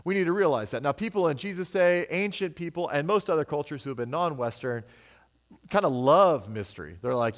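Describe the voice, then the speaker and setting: A man preaching a sermon as pastor in a conversational, animated way, often acting out what people say. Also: a little high, a little fast. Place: church sanctuary. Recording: long hall reverb.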